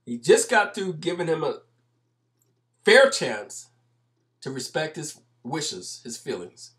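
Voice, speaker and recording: A man's voice: on the high side, very animated, slow, fairly bright tone. Emphatic man commenting on clips. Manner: emphatic, explanatory, repeats points. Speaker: video commentator. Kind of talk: commentary over video clips.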